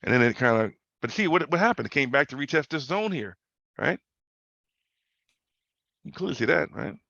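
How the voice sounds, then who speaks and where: Gravelly man on a muffled video call. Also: mid-range voice, very animated, moderate pace, bright, forceful tone, dry recording. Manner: loose, slangy, repeats himself, many tag questions. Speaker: host. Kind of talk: casual screen-share trading talk.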